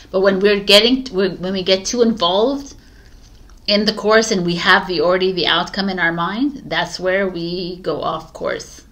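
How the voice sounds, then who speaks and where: A woman giving a casual tarot reading to camera, coaching her viewers in an animated way and laughing often. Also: on the low side, a little slow. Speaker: tarot reader.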